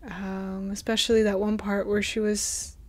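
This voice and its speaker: A woman hosting her own reaction video, chatting casually and playfully with viewers and sometimes dropping into a soft whisper. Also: mid-range voice, flat delivery, moderate pace. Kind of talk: casual reaction vlog chat.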